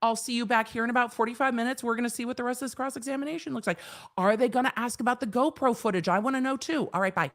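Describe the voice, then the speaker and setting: A middle-aged woman, a lawyer hosting a live stream, talking in a chatty, animated way with laughs and casual swearing. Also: on the high side, rapid-fire.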